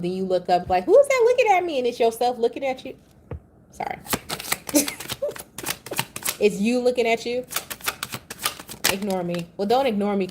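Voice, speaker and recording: A woman reads tarot cards in a loose, casual way, cursing freely and wandering into playful tangents. Her voice sits at an ordinary middle pitch, with a faint hiss of background noise under it. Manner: blunt, profane, chatty and playful. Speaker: tarot reader.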